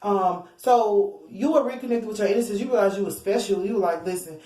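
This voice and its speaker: A woman talks her way through a tarot reading in a loose, blunt, profane style, acting out what other people say as she goes. Her voice sits at an ordinary middle pitch. The sound carries a clear, roomy echo. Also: fairly quick, warm tone. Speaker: tarot card reader.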